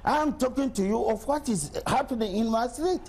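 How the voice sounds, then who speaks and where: A middle-aged man from Nigeria speaks as a state governor in a televised interview. His voice sits high for a man and carries a gravelly rasp. He argues forcefully, answering criticism with pointed rhetorical questions. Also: moderate pace. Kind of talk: TV news interview.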